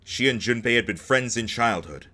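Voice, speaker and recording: A man's voice: medium pitch, normal speed, pushed and bright. A man reading game text aloud and cracking jokes between the lines as he plays. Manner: joking asides between dramatic narration. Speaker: let's play host.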